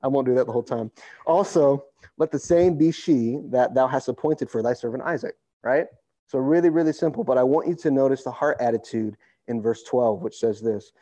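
A man's voice: medium pitch, normal speed, no room sound, dull audio. Laid-back man preaching a casual sermon. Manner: relaxed and conversational, acts out quotes in slang. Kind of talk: casual sermon with scripture reading.

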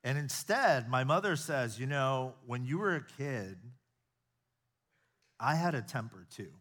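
A middle-aged man from the United States preaching a sermon, building to emphatic peaks and then dropping to soft, confiding storytelling. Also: mid-range voice, animated, measured pace. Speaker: pastor. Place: church auditorium with a live audience.

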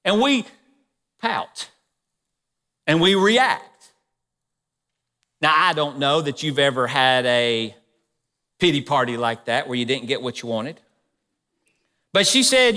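A male pastor preaching a sermon in a church, conversational and animated as he retells a story, with the room echoing. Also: mid-range voice, measured pace, pauses often.

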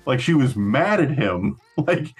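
A man's voice: mid-range voice, sing-song, measured pace, breathy edge, faint music behind. A man chatting casually on a podcast, rambling through a story with frequent laughs and swearing. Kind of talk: casual chat.

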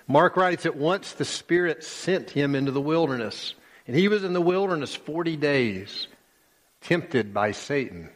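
Male pastor delivering a sermon, unhurried and emphatic, in a church hall with long reverb. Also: fairly high pitch, expressive. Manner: slow and emphatic, with many pauses and repeated phrases.

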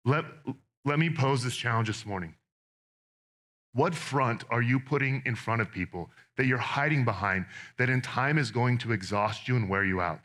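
A man preaching a sermon as pastor, earnest and direct, with quick conversational asides to his congregation. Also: medium pitch, fairly bright tone.

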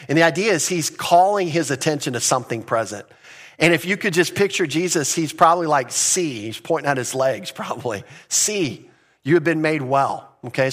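A man preaching a verse-by-verse sermon as pastor, earnest and teacherly, often repeating words and slowing down to stress a phrase. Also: a little high, a bit bright. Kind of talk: expository sermon.

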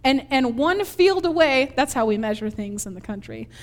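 High-voiced woman preaching in a hall. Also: moderate pace. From Minnesota, USA. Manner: animated storyteller, laughs often, acts out scenes. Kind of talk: conversational sermon with personal story.

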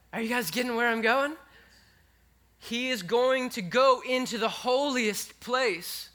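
A male preacher with a high, bright voice. He talks to his congregation in a casual, conversational way. He goes quiet and intimate, then rises with animated energy. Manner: conversational, animated, swinging between hushed and excited. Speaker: pastor. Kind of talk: sermon.

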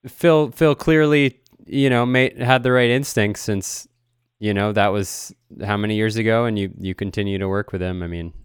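A male podcast host with a low, smooth, resonant voice, answering his guest with short remarks. The sound is close and dry, with no room around it. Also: moderate pace, dry recording. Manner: supportive, short interjections. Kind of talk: interviewing, brief reactions.

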